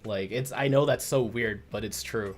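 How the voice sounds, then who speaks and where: A man's voice: fairly low pitch, moderate pace, faint music behind. Chatty man hosting a livestream. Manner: chatty and rambling, full of "like" and restarts. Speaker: webcomic creator hosting a livestream. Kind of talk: casual livestream chat.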